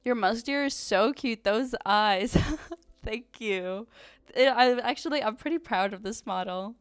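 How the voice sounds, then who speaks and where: A woman's voice: fairly high pitch, measured pace, clean tone, no room sound, soft background music. A woman streamer chatting casually and reading chat aloud, giggling often and using lots of fillers. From Ukraine.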